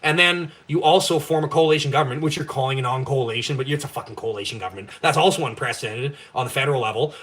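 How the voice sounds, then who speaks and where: Fast, profane ranting young man. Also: medium pitch, a bit bright. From Canada. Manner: profane, blunt, fired-up ranting. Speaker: live-stream host. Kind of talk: ranting casual chat.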